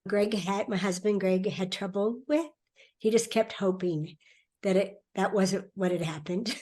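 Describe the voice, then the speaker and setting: A middle-aged woman speaking as a podcast guest in a relaxed conversation, animated and laughing often as she acts out quoted voices. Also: medium pitch. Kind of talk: conversational interview.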